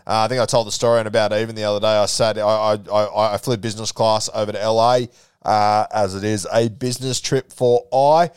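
Young Aussie bloke, casual podcast diary, smooth clear voice, dry close mic. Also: male voice, on the low side, steady tone, a little fast, dry recording. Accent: Australian. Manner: chatty storytelling, swears casually. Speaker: podcast host.

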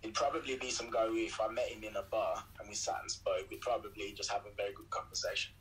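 A young man in a relaxed, rambling chat, talking earnestly and affectionately to the woman beside him. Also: fairly low pitch, fast, a little hiss or hum, rough recording. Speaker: co-host of a video chat. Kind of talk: casual chat.

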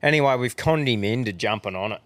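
Swearing Australian bloke telling yarns. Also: male voice, mid-range voice, expressive, fast, a bit bright, dry recording. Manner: swearing, yarn-spinning, laughs often. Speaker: podcast co-host. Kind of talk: casual chat.

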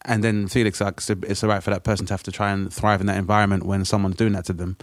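A man in casual talk, his voice sitting a little low and recorded close and dry. He speaks reflectively, circling back and restarting his sentences as he works out his point. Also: flat delivery, quick pace, no room sound. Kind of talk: casual chat.

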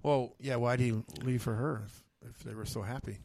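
A man co-hosting a casual podcast, trading deadpan jokes and laughing often. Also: medium pitch, normal speed, slight background noise. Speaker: podcast co-host. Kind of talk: joking casual chat.

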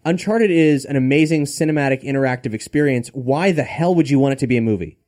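A man's voice: mid-range voice, fast talker, darkish tone. A man hosting a podcast, chatting casually and wryly, reading out supporter thanks. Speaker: podcast host. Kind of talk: casual chat.

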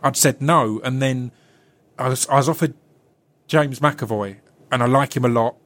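A man's voice: mid-range voice, moderate pace, fairly bright tone. A man hosting a podcast in casual chat, with a stutter that catches on word starts. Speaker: podcast host.

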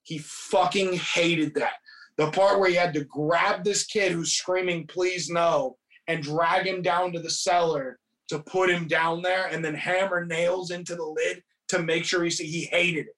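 A man's voice: high-pitched, moderate pace, poor audio. A man on a podcast retelling a film plot in casual chat, swearing heavily and telling it with animation. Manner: heavy swearing, animated storytelling.

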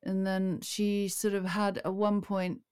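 Middle-aged woman guest, rambling chatter, smooth tone, dry close sound. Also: mid-range voice, little pitch movement, measured pace, a little mellow, no echo. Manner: chatty, rambling with many fillers. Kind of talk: casual chat.

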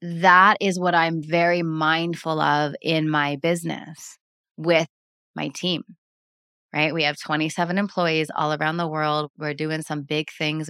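Woman, low pitch, calm earnest chat, lots of "like", dry close sound. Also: smooth, dry recording. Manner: calm, earnest, many "like" fillers. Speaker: breathwork practitioner, guest. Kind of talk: casual interview talk.

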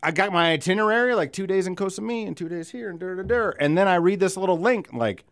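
A man chatting on a podcast with a lively, swooping delivery and a dry, close sound. He rambles freely, swears often and laughs at his own stories. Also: high voice, fast, no echo. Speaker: podcast co-host. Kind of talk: casual chat.

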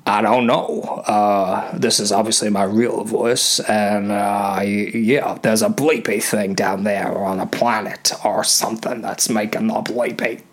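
A man voicing a stilted, deadpan male android in an improvised story. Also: lowish voice, unhurried, few pauses, slightly rough. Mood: evasive. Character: male android crew robot, flat and evasive.

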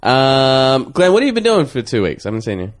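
A man in a relaxed podcast conversation who keeps teasing his co-hosts with dry jokes. His voice moves animatedly over a wide pitch range from a middle register. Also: quick pace. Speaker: podcast co-host. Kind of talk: casual chat.

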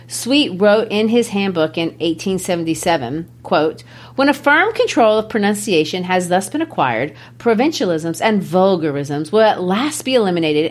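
Lower-voiced Memphis woman explaining literature. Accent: Memphis, Tennessee. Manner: explanatory, lecture-like, quotes texts. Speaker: podcast co-host. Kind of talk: literary discussion.

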